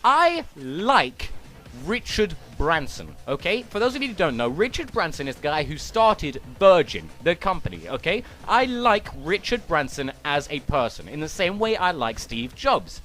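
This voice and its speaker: A young man rants through a gaming commentary, sarcastic and swearing freely. His voice sits fairly high for a man and swings up and down a lot as he gets worked up. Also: very animated, normal speed, bright, forceful tone. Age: young adult. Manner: ranting, profane, sarcastic. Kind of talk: ranting commentary.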